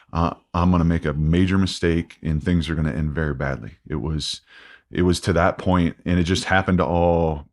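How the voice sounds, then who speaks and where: A man in his forties, a podcast guest, talking candidly and haltingly with many restarts and fillers. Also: sits low. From United States. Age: 40s. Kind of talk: candid interview.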